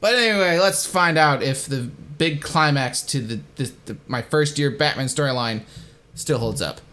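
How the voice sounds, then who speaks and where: A man's voice: a little high, normal speed, bright, forceful tone. A young man hosting a casual, self-mocking commentary, rambling and swearing now and then. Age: young adult. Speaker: host.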